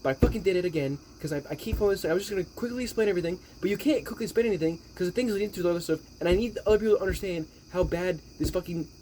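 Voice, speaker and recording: A man's voice: high voice, racing, few pauses, darkish tone, a little hiss or hum. Profane, exasperated man ranting about a movie. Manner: rambling, exasperated, heavy swearing. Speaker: movie reviewer. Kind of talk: profane movie recap rant.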